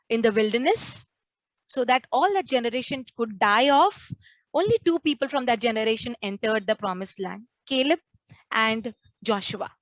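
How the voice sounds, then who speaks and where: A woman's voice: fairly high pitch, no room sound, dull audio. A woman, a nun preaching a sermon to a prayer group and acting out the complaints she quotes. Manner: earnest, acts out quoted complaints.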